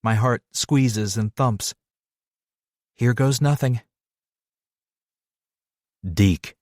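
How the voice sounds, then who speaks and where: A man narrating a romance audiobook in the first person, measured and steady. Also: medium pitch, no echo, clean studio sound.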